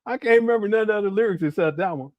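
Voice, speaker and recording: A man's voice: high voice, fast talker, no room sound, dull audio. A man hosting a livestream and chatting casually with viewers, rambling, giggling often and breaking into bits of song. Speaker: livestream host. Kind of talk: casual live-chat commentary.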